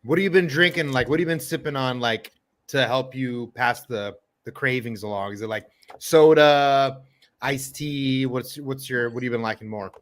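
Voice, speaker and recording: A man asking curious, casual questions on a podcast. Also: mid-range voice. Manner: curious, asks quick questions. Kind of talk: casual chat.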